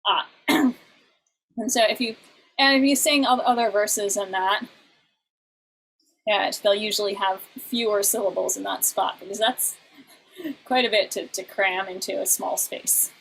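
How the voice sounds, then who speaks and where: A woman teaching an online class, explaining in halting bursts and now and then breaking into short sung examples. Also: mid-range voice, steady tone, creaky, a bit bright, a little hiss or hum, low-quality recording.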